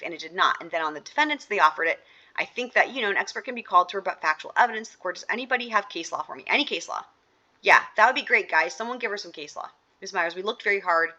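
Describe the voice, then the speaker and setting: A woman's voice: mid-range voice, sharp tone. A woman reading courtroom sidebar transcripts aloud and breaking off for chatty asides to her viewers. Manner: reads each speaker's lines straight through, breaking off for chatty asides. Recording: dull lo-fi recording.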